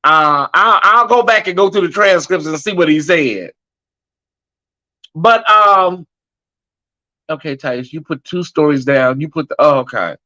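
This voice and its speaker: A sassy man hosting a live stream, with a high voice that rides well above most men's. His tone is bright and forceful. He chats loosely and calls his audience y'all and honey. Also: lively intonation, a little slow, long pauses. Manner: sassy and chatty, addresses viewers as y'all and honey. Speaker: host of a live online commentary show. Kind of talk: casual live-stream commentary.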